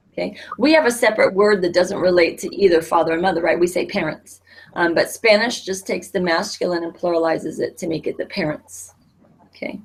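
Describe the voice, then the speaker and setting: Husky-voiced woman teaching a Spanish class. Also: mid-range voice. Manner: patient, explanatory, many fillers and restarts.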